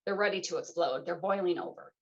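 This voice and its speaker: A woman's voice: fairly low pitch, fast talker, gravelly. Brief: radio host, woman, middle-aged, playful conversational delivery, muffled lo-fi recording. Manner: animated, playful, acts out quoted voices. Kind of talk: casual conversational interview. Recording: dull lo-fi sound.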